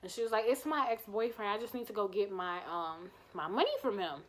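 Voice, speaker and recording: A woman vlogger, mid-range in voice and fairly quick, tells a personal story in a casual, lively manner. She acts out what people said and swears freely along the way.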